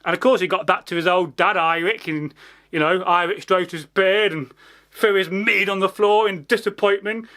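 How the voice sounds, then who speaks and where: High, bright-voiced sweary storyteller. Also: male voice, fairly even intonation, normal speed. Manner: rambling, sweary, full of asides. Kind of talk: casual storytelling.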